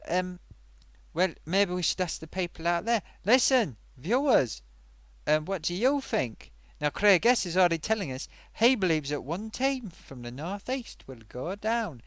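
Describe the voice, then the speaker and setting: A man's voice: high voice, very animated, a little slow, fairly bright tone, dry recording. Chatty man, livestream host. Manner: chatty, reads out viewer comments. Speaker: host of a live stream. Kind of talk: casual live-stream chat.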